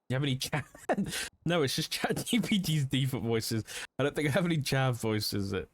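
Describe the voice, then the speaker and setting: A man's voice: medium pitch, lively intonation, moderate pace, no echo. A man streaming a roleplay game, chatting casually and rambling with lots of fillers and swearing.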